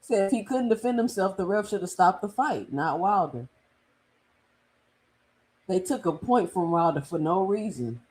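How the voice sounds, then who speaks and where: A woman's voice: medium pitch, animated, moderate pace, pauses often, a little mellow, slight background noise. A woman hosting a live reaction stream, talking to her chat in disbelief and often laughing as she comments. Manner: incredulous, laughing, talks to chat. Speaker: boxing streamer host.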